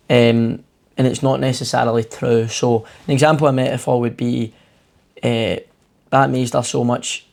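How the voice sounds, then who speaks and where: A male tutor talks through exam questions in a loose, conversational way. He rambles a little and leans on fillers as he explains. His pitch sits in an ordinary middle range. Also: vocal fry, a little mellow. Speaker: English tutor. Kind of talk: exam walkthrough lesson.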